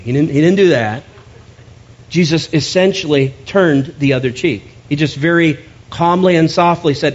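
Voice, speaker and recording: Guy preaching a sermon, slightly high voice, chatty and jokey, kinda muffled lo-fi sound. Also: steady tone. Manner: conversational and joking, with quick asides. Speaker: pastor.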